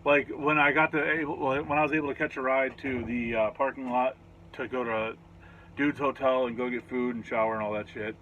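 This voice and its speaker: A man casually recapping a festival in a rambling, profane, excitable way. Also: medium pitch, moderate pace. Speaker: vlogger reviewing a festival. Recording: slightly dull lo-fi audio with faint noise.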